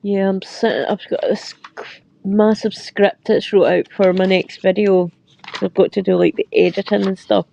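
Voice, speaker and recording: Gravelly Scottish woman chatting to viewers. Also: medium pitch, steady tone, normal speed, mellow. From Scotland. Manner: rambling, filler-heavy, laughs often. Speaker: livestream host. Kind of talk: casual chat with viewers. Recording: dull lo-fi sound.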